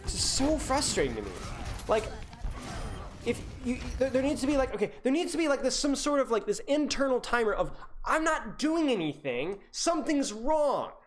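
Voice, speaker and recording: A woman's voice: high voice, very animated, a little fast. A young woman coaching over a live-streamed gameplay review, ranting and exasperated, hammering her points home by repeating them.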